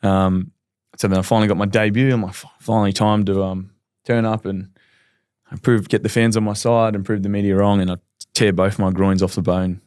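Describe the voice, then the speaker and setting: A man in his thirties with an Australian accent, telling his story candidly in a relaxed podcast chat. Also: fairly low pitch, clean tone, no room sound, clean studio sound. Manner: rapid, candid, laid-back with frequent ums. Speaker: podcast guest, professional footballer.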